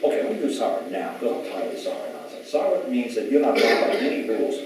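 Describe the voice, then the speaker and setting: A man's voice: medium pitch, big pitch swings, very fast, darkish tone. Man lecturing emphatically in an echoey hall. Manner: emphatic, retells exchanges in quoted voices. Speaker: speaker at a public talk. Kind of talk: storytelling lecture to a live audience. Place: large echoey event hall. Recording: echoey hall from far off, faint hiss.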